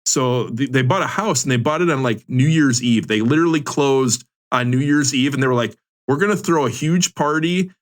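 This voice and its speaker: A man's voice: mid-range voice, normal speed, hardly any pauses. Amused man co-hosting a chat. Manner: amused, interjecting and laughing often. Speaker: podcast co-host. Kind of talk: casual chat.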